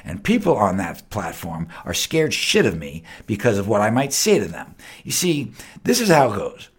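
A man hosting his own podcast, ranting heatedly with lots of swearing, jumping between loud outbursts and low mutters. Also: huge pitch swings, moderate pace, breathy edge. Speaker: podcast host. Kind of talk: unscripted solo rant.

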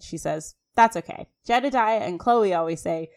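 A woman co-host talks through a TV scene in a casual, chatty way. She keeps the recap flowing with fillers and lively asides. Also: fairly low pitch, normal speed. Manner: chatty, animated retelling with frequent fillers and laughs. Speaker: podcast co-host.

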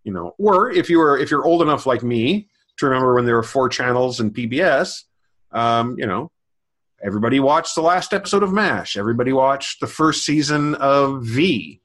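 A man in his forties, co-hosting a casual podcast, with a pitch that sits right in the middle for a man. He rambles through his memories with plenty of fillers and restarts. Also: animated, a bit bright. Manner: halting, many fillers and restarts. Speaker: podcast co-host.

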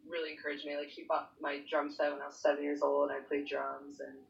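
A woman's voice: low-pitched, monotone, fast talker, gravelly, dull audio. A young woman from Canada, a guest on a podcast, chatting in an easygoing way and laughing often. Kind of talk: casual podcast chat.

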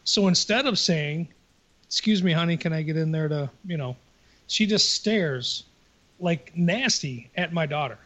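Guy cohosting a podcast, swears a lot, kinda high voice, dull lo-fi audio. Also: measured pace, fairly bright tone. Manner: blunt, profane storytelling. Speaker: podcast co-host. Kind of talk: casual chat.

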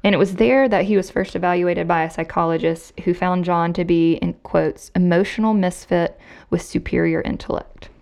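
Woman podcast host, vocal fry, kinda low voice, chatty true crime storytelling. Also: steady tone, normal speed, hardly any pauses, darkish tone. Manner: conversational, reads quotes with emphasis.

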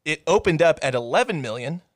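A man's voice: on the high side, animated, brisk, dry recording, studio quality. A young man hosting a movie podcast, enthusiastically running through lists and swearing casually. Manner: enthusiastic, profane, reads stats and lists. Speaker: podcast host.

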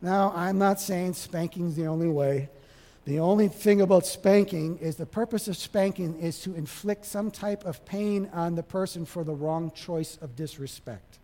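A man preaching a sermon, animated, acting out little dialogues and swinging from loud to soft. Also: high voice, normal speed. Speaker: pastor. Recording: long hall reverb.

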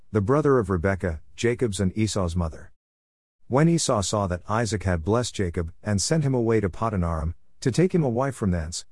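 Male scripture reader, low and measured, dry close recording. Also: dry recording. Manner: steady measured reading with rising phrase openings. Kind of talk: scripted Bible reading.

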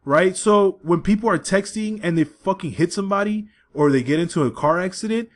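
A man co-hosting a podcast in casual, profane, animated banter. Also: sits high, brisk. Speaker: podcast co-host.

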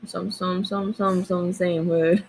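A woman's voice: fairly low pitch, little pitch movement, slow, slight background noise. Outspoken woman on a casual podcast. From United States. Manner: outspoken, swears freely. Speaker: podcast co-host. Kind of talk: casual chat.

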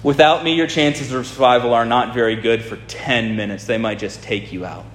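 A man preaching a sermon in a storytelling manner, speeding up and slowing right down for emphasis. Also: mid-range voice, fairly even intonation, a bit bright. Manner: storytelling, shifting between fast and drawn-out. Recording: echoey hall with long reverb.

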